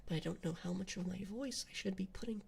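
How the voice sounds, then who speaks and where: A young man chatting with viewers on a live ASMR stream, rambling with many fillers and switching between whispering and soft talk. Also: high-pitched, quick pace, creaky, husky.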